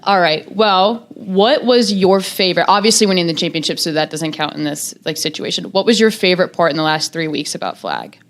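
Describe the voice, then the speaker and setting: A woman's voice: on the low side, expressive, brisk, hardly any pauses. A young woman hosting a casual college sports interview, bubbly and gushing, with lots of "like" fillers. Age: young adult. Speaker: student interview host.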